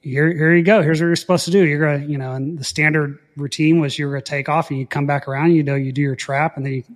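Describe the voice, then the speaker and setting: A man, a former Air Force pilot, casually telling a story in an interview, animated, often laughing and restarting his sentences. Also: on the high side, fast talker. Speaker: guest.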